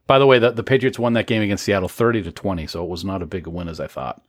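A man's voice: low-pitched, rapid-fire, dry recording, clean studio sound. A man co-hosting a podcast, chatting casually and laughing often at himself. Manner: laughs often, self-deprecating banter. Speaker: podcast co-host. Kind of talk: casual chat.

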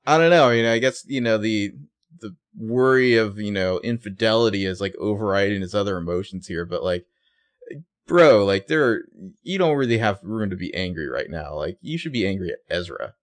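A man's voice: lowish voice, expressive, normal speed, no room sound. A man co-hosting a podcast, chatting bluntly and casually about a TV episode with frequent swearing and fillers. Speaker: podcast co-host. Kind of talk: casual recap chat.

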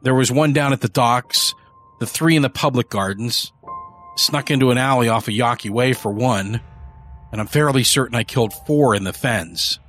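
A man's voice: mid-range voice, normal speed, a bit bright, faint music behind, close to an everyday voice. A man voicing an arrogant, cruel rich young heir with a quavering voice that turns boastful and callous. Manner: pleading, quavering, then boastful.

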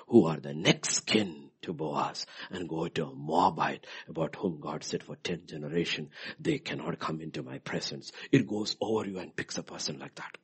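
A man preaching a sermon in a dramatic way, swinging from loud outbursts to hushed whispers. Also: a bass voice, slightly rough.

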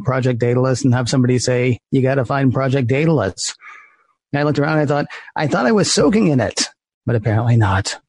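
A man's voice: mid-range voice, darkish tone, dry recording. A man co-hosting a live podcast, jokey and upbeat like an announcer. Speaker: podcast co-host.

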